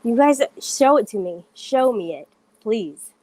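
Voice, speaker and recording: A woman's voice: a little high, expressive, unhurried, darkish tone, no echo. A woman on a casual livestream, talking straight to viewers in an indignant, defensive way, stressing her denials.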